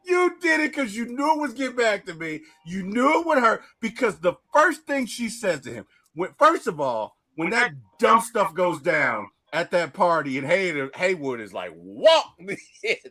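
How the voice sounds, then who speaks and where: A man's voice: sits high, sing-song, normal speed, hardly any pauses, pushed and bright. A man co-hosting a casual debate about a film, talking animatedly and breaking into laughs and exclamations. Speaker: co-host.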